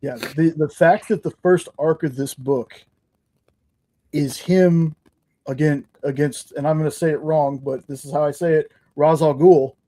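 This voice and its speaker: A man's voice: a little high, steady tone, measured pace, mellow, low-quality recording. A man co-hosting a casual comics stream, mostly giving short reactions and asking curious questions. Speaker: co-host. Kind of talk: casual livestream chat.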